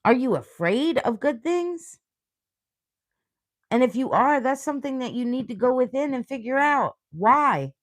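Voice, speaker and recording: Slow, blunt woman tarot reader. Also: sits high, very animated. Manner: blunt, profane, motivational; earnest, emotional. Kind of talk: livestream tarot reading.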